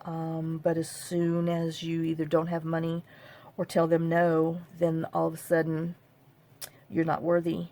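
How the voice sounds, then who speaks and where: Low gravelly woman. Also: completely flat delivery, dark tone. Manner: halting, many fillers and repeated "I said". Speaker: craft vlogger. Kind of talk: personal storytelling to camera.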